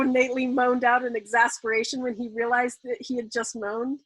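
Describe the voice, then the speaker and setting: A woman reading a novel aloud at a steady, measured pace as a storyteller. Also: on the high side, no room sound, rough recording.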